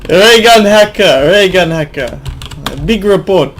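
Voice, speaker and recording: A man's voice: high voice, expressive, a little slow, a bit bright, slight background noise. An Australian man giving casual gameplay commentary, swearing a lot, laughing often and muttering under his breath. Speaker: gamer host.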